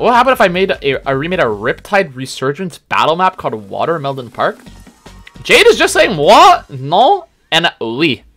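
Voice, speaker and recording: Young male streamer, quick and animated, joking and yelling at gameplay. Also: on the high side. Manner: joking, chatty, reads chat aloud, yells at the game. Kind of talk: live gaming stream commentary.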